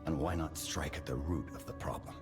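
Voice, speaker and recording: An actor playing an elderly, formal father figure in video game dialogue, speaking in a measured way. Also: extremely low pitch, over music. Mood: calm.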